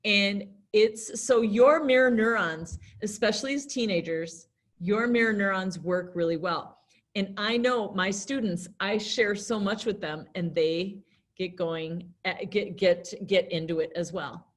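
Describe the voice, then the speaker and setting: A middle-aged American woman teaching a class in a lively, chatty way, acting out little scenes as she explains. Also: mid-range voice, a little slow. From United States. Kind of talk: classroom lesson talk.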